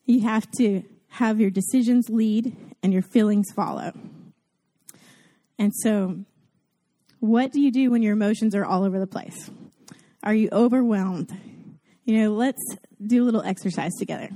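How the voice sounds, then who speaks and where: A mother with a Southern US accent giving a casual, chatty Mother's Day sermon to her church, self-deprecating and lively in how she tells it. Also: mid-range voice, normal speed, long pauses. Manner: chatty and self-deprecating, acts out gushing voices. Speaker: guest preacher at a church service.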